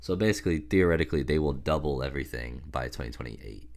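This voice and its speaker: A man's voice: very deep voice, animated, fast talker. A man with a sick voice, casually talking through his stock portfolio in a loose, rambling vlog with many fillers. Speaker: stock investing vlogger. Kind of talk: casual portfolio update to camera.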